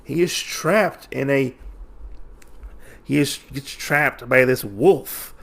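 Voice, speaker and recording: Gravelly man rambling through a comic recap. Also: mid-range voice, slow, a bit bright. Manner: rambling, heavy on fillers and restarts. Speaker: podcast host. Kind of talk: casual comic book recap.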